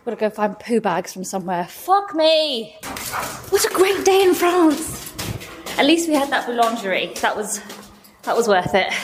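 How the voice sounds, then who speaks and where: A woman, talking casually to camera as she walks through city streets, chatty and blunt with plenty of swearing. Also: mid-range voice. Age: 40s. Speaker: travel vlogger. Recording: phone audio with traffic noise. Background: street traffic.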